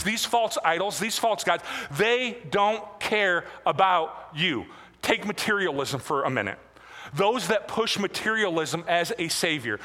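Man, pastor, sermon, bright tense voice, slightly high pitch, chatty self-deprecating delivery, big church reverb. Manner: conversational, self-deprecating preaching with asides and laughs. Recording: long hall reverb.

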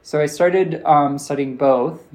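A linguistics professor with an American accent answers interview questions as a guest in a loose, chatty style, packed with "like" fillers and acted-out dialogue. His voice is fairly high, slow and a little mellow.

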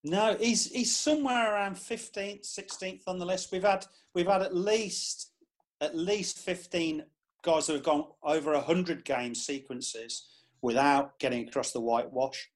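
A man who is a club historian, telling lively anecdotes in a podcast chat. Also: fairly high pitch, measured pace.

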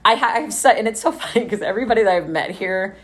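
A woman's voice: medium pitch, animated, fast, fairly bright tone. A woman from Texas telling her recovery story in a casual, chatty way, swearing freely and laughing often.

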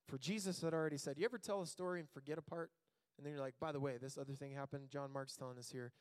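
Male pastor, slightly high voice, animated sermon storyteller who plays the quotes for laughs. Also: very fast, clean tone. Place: church sanctuary.

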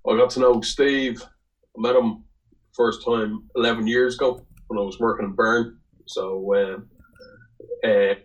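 A man's voice: medium pitch, dull audio. Rambling Irish man telling a story. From Ireland. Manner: rambling, salty storyteller who swears. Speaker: podcast guest. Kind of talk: casual anecdote telling.

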